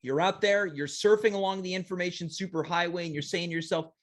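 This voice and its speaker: A man's voice: high-pitched, steady tone, quick pace, few pauses. A man hosting a comedic talk show, playful and self-mocking. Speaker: host.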